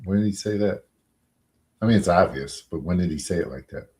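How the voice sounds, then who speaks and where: A man, a defense attorney being interviewed, answering in a measured, halting way with many pauses and fillers. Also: low-pitched, a little mellow.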